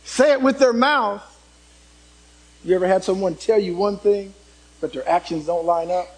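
A man preaching a sermon, turning dramatic as he swings from loud emphasis to hushed tones and puts questions to the congregation. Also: high voice, moderate pace, husky, low-quality recording.

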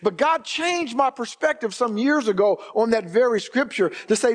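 A man preaching a sermon, reading scripture slowly and calling on the congregation to respond. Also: very high voice, animated. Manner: reads scripture slowly and emphatically. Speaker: pastor.

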